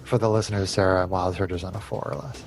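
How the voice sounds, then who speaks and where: A man's voice: low voice, fairly even intonation, fast, creaky. A man running a tabletop game as game master over a video call, calling out hits and damage and often chuckling. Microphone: video call headset or desk mic.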